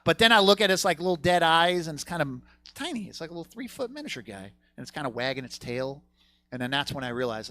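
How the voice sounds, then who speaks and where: Crude, bright-voiced stand-up comic. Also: male voice, a little high, big pitch swings, quick pace. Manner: crude, rambling storytelling with crowd work. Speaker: stand-up comedian. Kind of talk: stand-up comedy set. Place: comedy theater stage.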